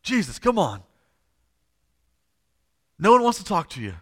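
A man's voice: high voice, huge pitch swings, measured pace, husky, pitched above the performer's own voice, exaggerated voice. A man putting on a frantic, pleading father. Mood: impatient. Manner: pleading, urgent, rising to shouting. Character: desperate anxious father, grown man.

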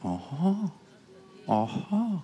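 A man preaching a sermon in a loose, conversational style, tossing asides to the congregation and swinging between loud bursts and near-whispers. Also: high voice, wildly swooping pitch, drawn-out words, dull audio. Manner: call-and-response asides, rising to loud bursts then dropping to whispers.

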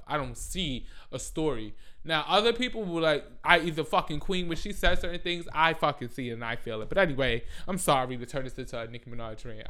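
A man ranting about pop culture in a vlog, swearing often and bursting into loud outrage. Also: medium pitch. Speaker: vlogger. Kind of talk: profane pop-culture rant.

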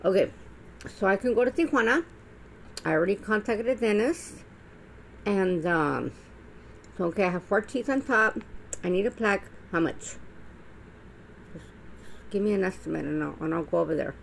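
Blunt, gravelly-voiced woman rambling. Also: mid-range voice, animated, moderate pace, pauses often, a little hiss or hum, poor audio. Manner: blunt, profane, rambling with many restarts. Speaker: vlogger. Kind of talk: casual monologue.

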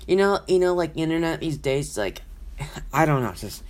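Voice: medium pitch, expressive, normal speed. Rambling, profane solo podcaster. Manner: rambling, repetitive, profane, restarts sentences often. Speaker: podcast host. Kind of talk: casual solo rant and storytelling.

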